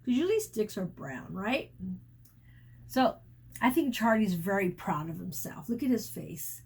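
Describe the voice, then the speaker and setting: Animated, breathy woman teacher reading aloud. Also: medium pitch. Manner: pauses to explain words to children; animated, sound effects and asides. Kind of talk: reading a picture book aloud to children.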